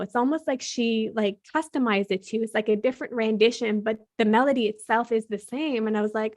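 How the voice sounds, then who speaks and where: A woman's voice: a little high, fairly even intonation, fast, hardly any pauses, a little mellow. A woman telling a personal story as a podcast guest, chatting freely and quoting what she and others said. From Canada. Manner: chatty, frequent "like" fillers, quotes her own and others' words.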